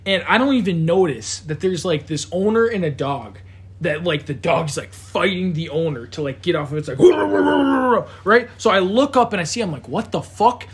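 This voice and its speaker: A man's voice: high-pitched, normal speed. A young man casually telling a wild story to friends on a podcast, swearing often, stumbling over restarts and acting out sounds. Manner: animated, swears a lot, mimics sounds, many restarts. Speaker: podcast co-host.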